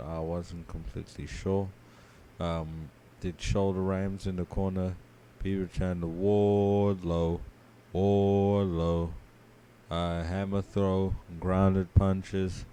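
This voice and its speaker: A sleepy man co-hosting a podcast, giving a drowsy, low-key play-by-play recap full of ums and uhs. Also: flat delivery, takes it slowly, warm tone, slight background noise. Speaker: podcast co-host. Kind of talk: casual match recap.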